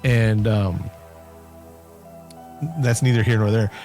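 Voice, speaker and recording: A man's voice: fairly low pitch, steady tone, takes it slowly, a little mellow, faint music behind. Easygoing man recapping a movie. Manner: rambling storyteller, jokey asides. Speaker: podcast co-host. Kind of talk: casual movie recap chat.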